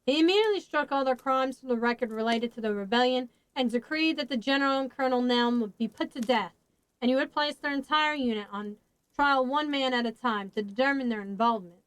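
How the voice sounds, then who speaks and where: A woman's voice: sits high, a little fast, clean tone, dry recording, natural voice, poor audio. A woman voicing a blunt weary man. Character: weary grown man, blunt loyal friend.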